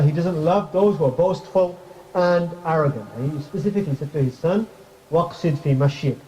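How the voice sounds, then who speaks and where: A man giving an informal sermon in a mosque, speaking conversationally with the audience, putting questions to them and making light jokes, and quickly reciting Arabic verses. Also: a little high, dark tone. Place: mosque hall. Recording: crackly muffled recording.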